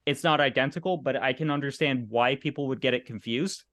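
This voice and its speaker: A man hosting a podcast, chatting in a relaxed, casual way and sharing fun facts. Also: mid-range voice, brisk, no room sound, clean studio sound. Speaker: podcast host. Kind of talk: casual chat.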